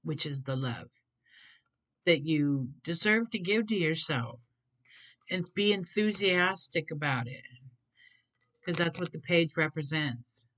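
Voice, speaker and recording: A tarot reader talking through a card spread in an unhurried, loose way. The speaker rambles, circles back to the same words and stumbles over a few of them. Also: medium pitch, expressive, fairly bright tone. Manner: rambling, repeats and plays with words, trips over some. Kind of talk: casual tarot card reading.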